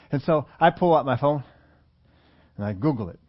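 In this muffled, lo-fi recording, a male pastor preaches in a chatty style, often questioning his audience. His mid-range voice is expressive and moves at a moderate pace.

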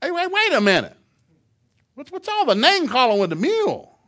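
Guy doing a stressed-out young city coach yelling his head off, way up high. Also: huge pitch swings, moderate pace, heavily acted. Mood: puzzled shouting. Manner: yelling, exasperated. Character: young male big-city assistant coach, frantic and impatient.

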